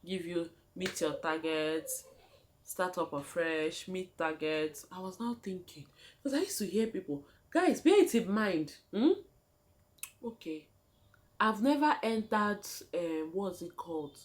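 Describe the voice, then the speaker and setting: Animated Nigerian woman vlogger, lowish voice. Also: a little slow. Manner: animated, dramatic, addresses viewers as guys. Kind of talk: storytelling vlog.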